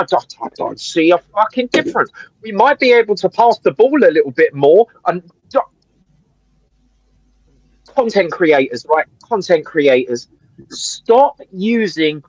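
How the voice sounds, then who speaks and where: A man's voice: high-pitched, dry recording, lo-fi sound. A man ranting heatedly in casual football chat, swearing and calling people bro. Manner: swearing, fired-up ranting, calls everyone bro. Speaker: guest streamer.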